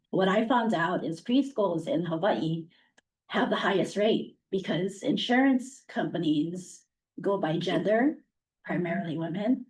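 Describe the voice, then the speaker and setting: A woman who runs a preschool speaks at a public meeting, hoarse from losing her voice, earnest and chatty. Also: fairly low pitch, darkish tone. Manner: earnest, chatty, laughs lightly. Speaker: preschool director. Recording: distant mic.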